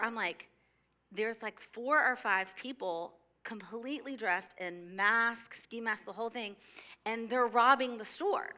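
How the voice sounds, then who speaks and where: A woman in her forties telling a story in an animated way, laughing and acting out her own shouts. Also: a little high.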